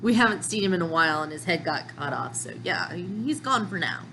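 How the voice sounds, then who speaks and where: A woman hosting a manga reaction video, reading panels aloud and thinking out loud between them. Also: lowish voice, animated, a little fast, slight background noise, low-quality recording. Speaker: manga reaction channel host.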